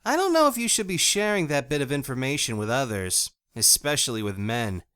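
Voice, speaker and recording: A male audiobook narrator voicing a fierce, blunt young woman with a hot temper who gives sharp, curt retorts. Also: medium pitch, sing-song, fairly quick, clear, resonant tone, no room sound, pitched above the performer's own voice. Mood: wry. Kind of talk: audiobook character voice.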